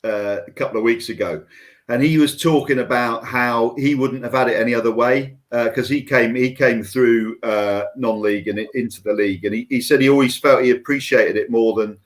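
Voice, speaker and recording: A man's voice: medium pitch, fairly quick. A male podcast host with an ordinary mid-range voice asks rambling questions. He hesitates and restarts, with plenty of fillers. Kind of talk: casual interview questions.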